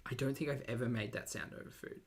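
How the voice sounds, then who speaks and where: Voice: mid-range voice, steady tone, fast talker, a little hiss or hum. A commentary host, giving dry, mocking reaction commentary on food videos.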